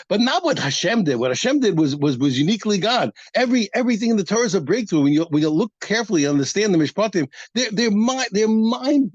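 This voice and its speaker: A man teaching a daf yomi Talmud class, animated and emphatic, often repeating words as he builds his point. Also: sits high, no room sound. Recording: dull, lo-fi, dry.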